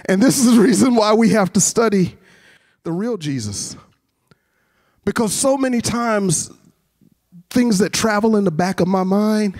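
A man giving a chapel sermon, telling stories in a lively way and acting out voices. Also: high voice, moderate pace. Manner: animated storytelling, acts out voices. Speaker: chapel speaker. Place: college chapel with a masked audience.

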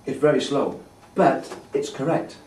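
A man's voice: medium pitch, unhurried, a little mellow, slight background noise. A man teaching a brass masterclass, patiently explaining and demonstrating tonguing syllables. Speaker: brass instructor. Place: festival hall. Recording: echoey hall from a distance.

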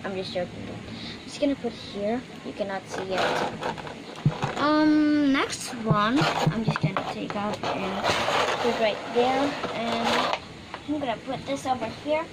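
A woman's voice: fairly high pitch, unhurried. A woman casually chatting through a toy unboxing, rambling and hesitant with many fillers. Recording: noisy room background.

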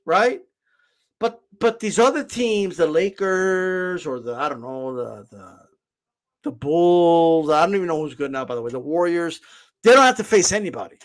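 Man, reaction host, argumentative, high and animated delivery. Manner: argumentative, keeps repeating "right?". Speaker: channel host reacting to a clip. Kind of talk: heated reaction commentary.

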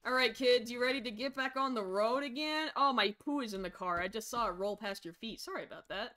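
Fairly high-pitched and fairly quick, a young woman chatters chaotically over a game she's streaming, pretending to be a frazzled parent. She's excitable, her mutters breaking into sudden shrieks.

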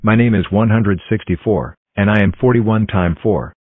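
A man voicing a cheerful male counting-block character with a flat announcing delivery. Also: lowish voice, normal speed, slightly rough, dry recording. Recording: tinny dry lo-fi audio.

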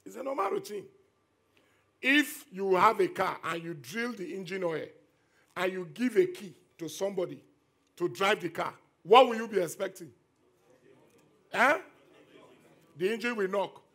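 Gravelly pastor preaching. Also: male voice, high-pitched, moderate pace, pauses often, a bit bright. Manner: emphatic preaching with repeated phrases. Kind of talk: sermon.

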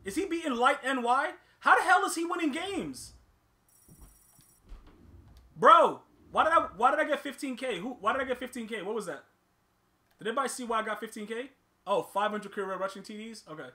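Guy ranting over a game, super high voice, real bright and punchy, keeps saying bro. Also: brisk, pauses often. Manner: excitable, slangy trash talk, repeats "bro". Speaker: gaming channel host. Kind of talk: ranting live gameplay commentary.

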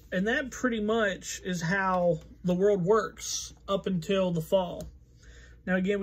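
A man teaching a Bible study in a casual, conversational way, reading scripture aloud and thinking out loud with fillers. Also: high-pitched. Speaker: pastor.

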